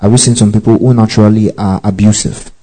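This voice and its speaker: A male preacher with a very dark, low voice teaches scripture, repeating key phrases and spelling words out. He keeps checking that his listeners follow along. His delivery is steady and deliberate. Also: poor audio. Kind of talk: Bible teaching.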